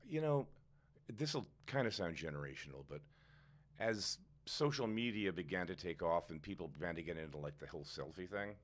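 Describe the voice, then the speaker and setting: A man in his sixties, a chef guest in a casual podcast interview, telling animated stories. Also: moderate pace. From United States. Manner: animated storyteller, jumps up in pitch when indignant.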